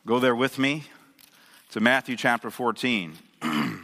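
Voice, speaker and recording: A man's voice: medium pitch, expressive, unhurried, pushed and bright. A male pastor preaching a sermon, emphatic and asking the audience questions. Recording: long hall reverb.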